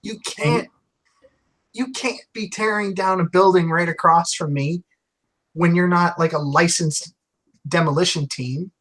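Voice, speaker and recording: A man's voice: high voice, steady tone, unhurried, fairly bright tone, rough recording. A man playing a cranky male comic shop owner who sounds flustered and indignant.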